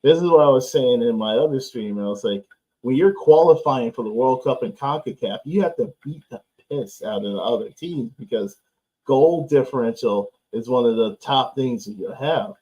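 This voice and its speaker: Guy streaming football chat, cussing and laughing a lot, mellow voice, kinda muffled audio. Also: medium pitch, lively intonation, normal speed. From United States. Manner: loose, profane, sarcastic, laughs often. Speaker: host of live watchalong stream. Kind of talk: casual live-stream chat. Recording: slightly dull, lo-fi stream audio.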